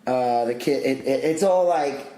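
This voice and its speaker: A man co-hosting a casual podcast chat, animated and laughing as he tells stories and acts out quotes. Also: mid-range voice, measured pace, echoey room. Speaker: podcast co-host.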